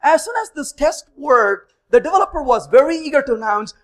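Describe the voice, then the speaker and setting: A man's voice: very high-pitched, brisk. A man in his fifties giving a technical conference talk, telling stories and acting out the dialogue in them. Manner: animated, acts out dialogue in stories. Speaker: conference speaker.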